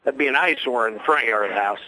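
A man doing play-by-play for a local radio broadcast of a ball game, folksy and rambling, quickening on big plays, with a voice worn from a long night. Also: medium pitch, bright, forceful tone, a little hiss or hum, low-quality recording. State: losing his voice. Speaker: play-by-play announcer. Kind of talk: local radio sports commentary.

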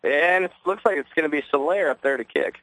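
A man's voice: on the high side, quick pace, fairly bright tone, no echo, poor audio. A man giving color commentary on a local radio broadcast of a ball game, easygoing and analytical as he breaks down the plays.

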